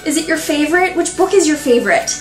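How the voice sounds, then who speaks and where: Woman book vlogger, high voice, gushing and giggly, echoey room with faint music. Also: expressive, fast. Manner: gushing, giggly, many fillers and restarts. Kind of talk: excited casual book review.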